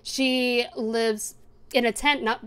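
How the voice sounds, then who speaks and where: A woman's voice: on the high side, flat delivery, slow, a bit bright, clean tone. Chatty young woman podcast host. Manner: chatty, enthusiastic, laughs often. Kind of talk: casual anime review chat.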